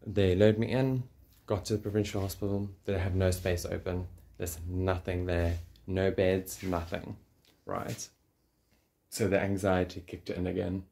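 In a casual vlog, a South African English-accented man tells the camera a personal story, joking and swearing through an animated retelling. His low, gravelly voice moves at an unhurried pace.

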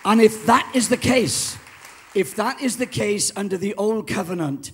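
A man's voice: high-pitched, expressive, moderate pace, slightly rough. A Welsh man in his seventies preaching a sermon as a guest pastor, telling stories with exuberance and rallying the congregation. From Wales. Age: 70s. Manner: exuberant storyteller, rallies the crowd. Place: church.

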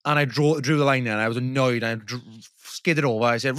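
A man's voice: mid-range voice, fairly even intonation, fairly quick, a bit bright, no echo, studio quality. Teasing laid-back young man. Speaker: podcast co-host. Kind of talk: casual chat.

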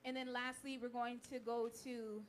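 High-voiced young woman preaching at church. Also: level tone, a little hiss or hum. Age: young adult. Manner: fervent tearful prayer, then warm measured preaching. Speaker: youth speaker at church. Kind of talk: sermon. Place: church sanctuary.

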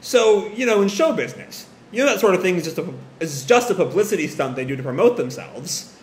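A loud, teasing, cackling middle-aged mother, put on by a man reading a manga, her voice swooping high and lively. The sound is echoey, as in a bare room, with a faint hiss behind it. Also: fairly quick. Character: brash laughing mother, a TV producer.

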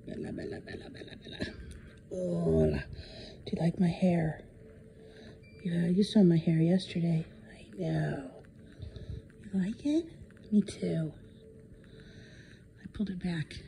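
A woman pet sitter chats gently with a cat at home, her voice mellow and dark. She coos and half-whispers, mixing in Spanish endearments, close to a phone camera. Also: fairly low pitch, a little slow, vocal fry, long pauses, slight background noise, poor audio. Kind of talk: affectionate talk to a cat.

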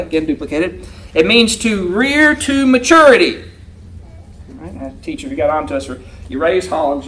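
A man's voice: sits high, fairly bright tone. A man teaching a church Bible class, reading verses aloud and putting questions to his listeners. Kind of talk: interactive Bible lesson.

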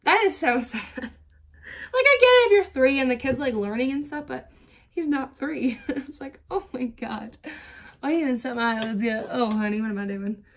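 A woman's voice: high voice, lively intonation, moderate pace. A young woman in her twenties telling rambling stories while doing her makeup for a get-ready-with-me vlog. She fills her talk with "like" and vents with exasperation. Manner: rambling, lots of filler "like"; exasperated, venting. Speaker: beauty vlogger. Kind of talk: chatty get-ready-with-me storytelling.

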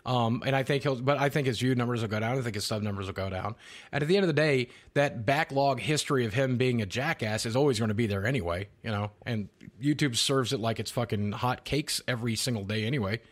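A man's voice: mid-range voice, fast. A man guesting on a podcast over a group call, talking bluntly and rambling through profane stories. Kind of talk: casual podcast chat. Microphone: call-in mic on a group voice call.

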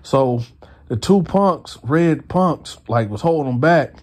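A man hosting a casual storytime, retelling in an animated, slangy way. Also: fairly high pitch, takes it slowly. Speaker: storyteller, channel host.

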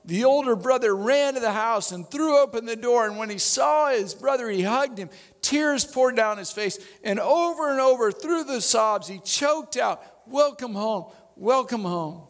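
Gravelly high-voiced preaching man. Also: normal speed, hardly any pauses, long reverb tail. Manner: animated storytelling with wry asides. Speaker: pastor. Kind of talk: sermon.

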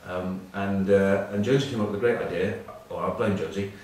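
A man's voice: low-pitched, quick pace, darkish tone. A man in his forties, a former rugby captain, telling rambling anecdotes with dry, self-mocking humour and plenty of ums and uhs. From England. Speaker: former rugby captain presenting a web news piece. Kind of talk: casual anecdotal monologue. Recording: very echoey room, mic far off, faint background noise.

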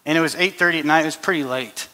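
A man preaching in a church, his bright, forceful voice set a little high. He talks earnestly, restarting and repeating phrases as he tells a story. The sound rings with a long hall reverb. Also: very fast. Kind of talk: sermon with personal story.

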